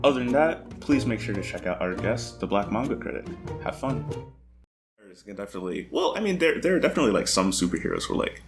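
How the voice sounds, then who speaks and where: Lively low-voiced man joking around. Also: fast, music in the background. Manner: giggly, joking, animated. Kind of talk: casual podcast banter.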